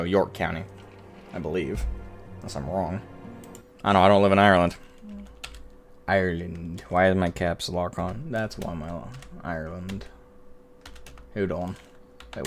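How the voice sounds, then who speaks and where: A man streaming a game, chatting casually in a rambling, profane way, often correcting himself. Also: low voice. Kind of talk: casual live-stream chat.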